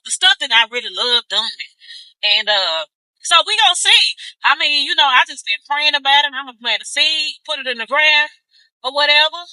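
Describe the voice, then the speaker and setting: With a fairly high-pitched voice, a vlogger in her 50s chats casually from her car, animated and talkative, addressing viewers as "baby." The recording is rough, though without echo.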